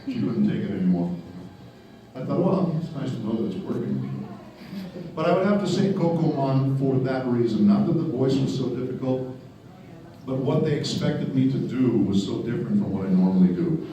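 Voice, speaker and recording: A man's voice: mid-range voice, animated, moderate pace, dark tone, distant mic, muffled recording. Chatty male voice actor in an echoey hall. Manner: candid, chatty and wry. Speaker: voice actor on a convention panel. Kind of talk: panel Q&A storytelling.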